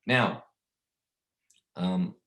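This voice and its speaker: Low-voiced man coaching sales in an echoey room. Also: very slow, fairly bright tone. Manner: rambling, repeats words, coaching tone. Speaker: insurance sales trainer. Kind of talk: casual sales training talk.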